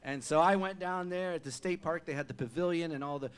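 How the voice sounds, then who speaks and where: A male singer-songwriter telling an animated stage story between songs at a live music venue, chatty with fillers and restarts. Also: fairly high pitch, fairly quick, clean tone.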